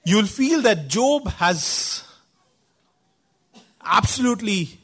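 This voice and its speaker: A man's voice: high voice, very animated, takes it slowly, fairly bright tone, husky. A man preacher giving a sermon, telling a story in an earnest, emphatic way.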